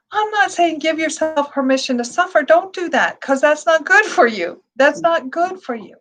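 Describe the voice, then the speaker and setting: A woman meditation teacher speaking gently to her class, repeating soft reassurances and laughing lightly now and then. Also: high-pitched.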